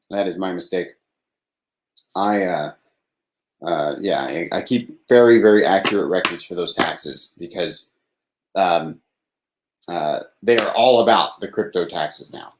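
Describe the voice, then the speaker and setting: A man's voice: fairly low pitch, echoey room. A man from Texas hosting a live nightly call-in show, rambling and laughing as he talks casually. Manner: rambling, laughs often, swears. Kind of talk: casual live-stream monologue.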